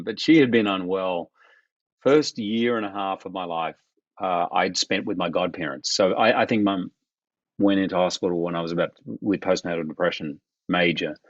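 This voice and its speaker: A man, animated as he tells personal stories in a podcast interview. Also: deep voice, no room sound, highs cut off. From Australia. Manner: animated, acts out quoted voices of others. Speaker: guest. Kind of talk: reflective storytelling in conversation.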